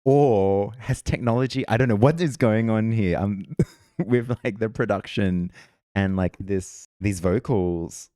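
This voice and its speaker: A very deep-voiced man with an Australian accent chats casually as a podcast co-host. He rambles into side stories and laughs easily. The recording is dry and close, with no room sound. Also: unhurried, mellow, no echo. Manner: rambling, chatty storyteller who laughs often. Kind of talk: casual music reaction chat.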